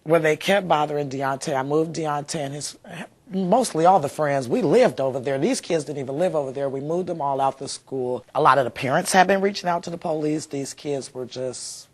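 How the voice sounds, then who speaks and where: A woman with a low, darkish voice speaks briskly while being interviewed as a mother. Her emotional recollection comes out heartfelt and rambling, packed with fillers.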